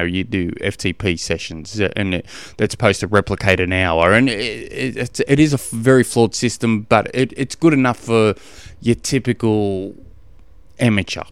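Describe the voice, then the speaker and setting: Casual Australian male podcast host, middle-aged, rambling and self-mocking, smooth voice, dry close mic. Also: on the low side, no room sound. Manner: rambling, self-deprecating, laughs often. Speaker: podcast host, endurance coach. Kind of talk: casual solo podcast chat.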